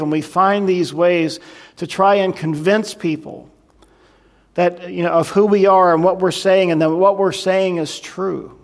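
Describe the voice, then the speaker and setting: Pitched high with fairly even intonation, this man preaches at a moderate pace. His verse-by-verse Bible teaching is conversational and reflective, and he frequently makes asides to the congregation as their pastor.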